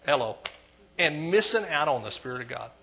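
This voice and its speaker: A man with an East Texas accent preaches a sermon in church, his voice on the high side, gravelly, brisk and very animated. He calls for amens and swings between quiet asides and loud emphasis.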